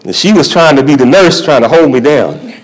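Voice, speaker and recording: A man's voice: fairly high pitch, animated, fairly quick, low-quality recording. A male church elder giving a sermon testimony at a convocation, telling his story in a folksy way and chuckling often.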